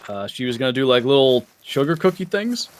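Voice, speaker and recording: A young man talks loosely and lazily through a gaming stream, his pitch bouncing around as he chats. He fills his sentences with "like" and trails off mid-thought. A faint hiss of noise sits under the voice. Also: big pitch swings, brisk. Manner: rambling, laid-back, lots of "like" fillers. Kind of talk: casual chat while livestreaming a game.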